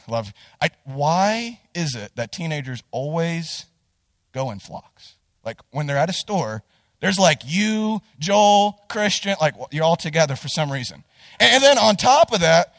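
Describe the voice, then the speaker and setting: A man's voice: sits high, no room sound, in a large hall. A young man preaching as a youth pastor, telling a funny story and talking straight to his listeners. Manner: animated storyteller, addresses listeners directly. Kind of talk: humorous sermon story.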